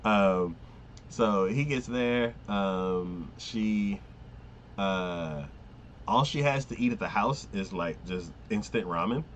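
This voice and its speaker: A man's voice: fairly low pitch, slow, slight background noise. A man casually recapping an anime episode, rambling with many fillers, often laughing and acting out lines. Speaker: anime podcast host.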